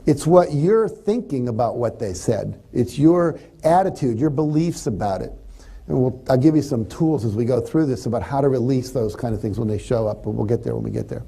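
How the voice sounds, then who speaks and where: A man's voice: medium pitch, a little fast, breathy edge. A man giving a live motivational seminar, talking to the audience and acting out the thoughts people have. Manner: animated, acts out quoted thoughts. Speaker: motivational speaker.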